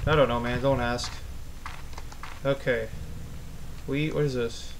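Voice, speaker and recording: A man commentating a horror game as he plays, easily spooked, swearing and yelling at the monster. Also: medium pitch, steady tone, takes it slowly, creaky, slight background noise, rough recording. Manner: jumpy, swears a lot, yells at the monster. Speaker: gaming channel host.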